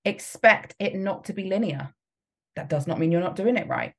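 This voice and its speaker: A woman's voice: medium pitch, lively intonation, normal speed, slightly rough. A woman coach giving a motivational talk, emphatic and frequently laughing as she acts out the voices in people's heads. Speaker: business coach.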